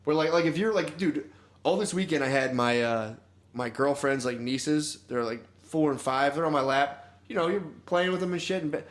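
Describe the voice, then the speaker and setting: A man's voice: fairly high pitch, moderate pace. A young man co-hosting a podcast, telling rambling, profane stories in casual chat and saying "dude" a lot. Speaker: podcast co-host.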